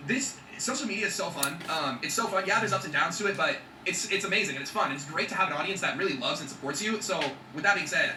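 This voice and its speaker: A man's voice: fairly high pitch, roomy sound, recorded from a distance, noisy background. A man talking in an emphatic motivational vlog, swearing freely and checking in with his viewers. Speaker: vlogger.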